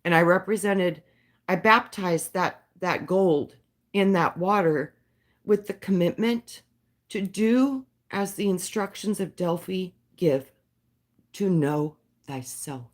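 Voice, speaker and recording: A woman hosting a live stream, reading a poem and talking in a soft, dreamy, emotional way, her voice shaking at times. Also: fairly low pitch, slow pace.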